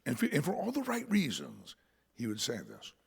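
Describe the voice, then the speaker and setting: A male pastor preaching a sermon, swinging from shouts to whispers and laughing often. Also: mid-range voice, wildly swooping pitch, normal speed, gravelly, slightly rough, big-room sound. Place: church sanctuary.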